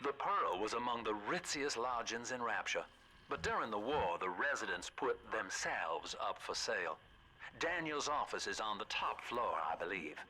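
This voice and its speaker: An actor playing a smooth-talking male businessman with a Southern US accent and an easy drawl, in video game dialogue. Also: lowish voice, very animated, moderate pace. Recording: game radio audio with ambient noise.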